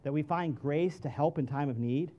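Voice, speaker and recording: This sermon comes from a middle-aged pastor whose voice is notably high, preaching at normal speed in his church sanctuary. Friendly toward his congregation, he moves between quiet asides and loud, emphatic high points. The sound is lo-fi.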